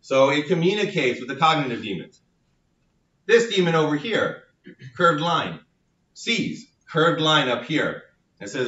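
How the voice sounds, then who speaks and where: A male university lecturer playfully explains a model, relating it to group chats and phones. His bright, forceful voice has a fairly high pitch and big pitch swings, and he speaks unhurriedly with frequent pauses. A distant mic captures him in an echoey lecture hall, making the sound dull and lo-fi.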